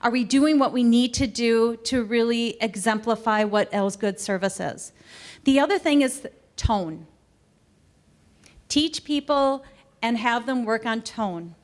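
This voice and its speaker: A middle-aged woman speaks to camera in a customer service training session, her voice sitting a little above the usual for a woman. She talks in a loose, conversational way and gets animated whenever she acts out what staff or customers say. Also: a little high, a little slow. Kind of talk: training presentation. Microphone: recorded to camera.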